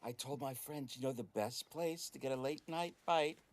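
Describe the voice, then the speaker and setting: A man's voice: moderate pace, lightly acted. A man doing Lady Colette, a coquettish noblewoman. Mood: coaxing. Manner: sweet, wheedling falsetto.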